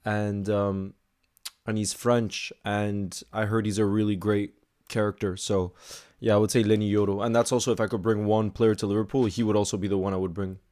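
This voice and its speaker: A young man chatting casually through a live football watch-along and answering viewer messages, bursting into excited shouts at big moments. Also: lowish voice, normal speed. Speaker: football streamer reacting live.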